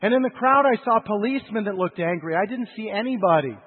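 A husky man preaches, his slightly high voice shifting from loud urgency to hushed lows. The sound is thin and tinny like a radio broadcast, with a long hall echo trailing his words. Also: expressive, fast. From United States. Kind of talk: sermon storytelling.

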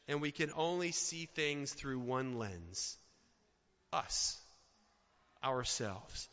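High-voiced, bright preaching man in a hall. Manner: dynamic preaching, swinging between loud outbursts and soft asides. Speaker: pastor. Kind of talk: sermon. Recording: dull sound with long hall reverb.

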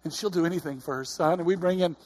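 A man's voice: on the high side, fast, darkish tone. A middle-aged man giving a conversational sermon, earnest, often repeating his words. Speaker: preacher.

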